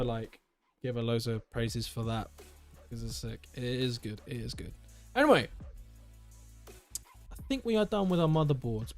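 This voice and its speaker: A man's voice: medium pitch, a little mellow. Rambling young man streaming. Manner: rambling, self-correcting, enthusiastic. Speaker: tech livestreamer. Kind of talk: casual live-stream chat. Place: at home.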